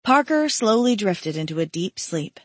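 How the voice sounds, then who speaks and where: A woman's voice: medium pitch, big pitch swings, normal speed, dry recording. Woman reading a story aloud, dry. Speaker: narrator.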